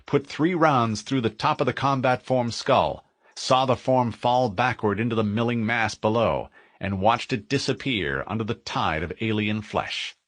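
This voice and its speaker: A man narrating a military science-fiction audiobook in a vivid, expressive storytelling manner. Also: mid-range voice, a little slow, hardly any pauses, no echo.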